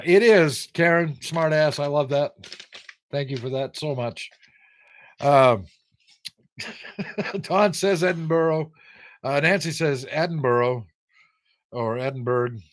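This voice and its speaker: An older man from the United States runs a casual trivia livestream. He is teasing and wry, reading viewers' answers aloud and joking back at them. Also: on the high side. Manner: teasing, sarcastic, reads viewer names aloud. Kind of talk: casual live-chat trivia banter.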